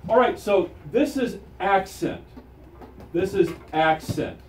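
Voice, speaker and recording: Animated male music teacher in an echoey room. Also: sits high, slow. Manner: animated, counts the class in, call-and-response drills. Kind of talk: classroom instruction. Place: school music room with string ensemble. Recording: echoey room, recorded from far off, strings playing.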